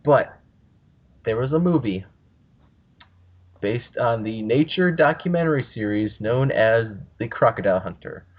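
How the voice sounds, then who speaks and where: A man's voice: medium pitch, lively intonation, a little slow, long pauses. A man hosting a casual podcast, rambling and swearing freely as he talks. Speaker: podcast host. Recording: muffled lo-fi audio.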